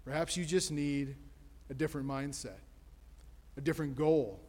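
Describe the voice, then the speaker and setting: A man's voice: fairly high pitch, normal speed, darkish tone. A man preaches from the pulpit with a slightly raised, emphatic cadence, stacking rhetorical questions one after another. His voice rings out with a long reverb tail from the church sanctuary around him. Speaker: pastor. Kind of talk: sermon.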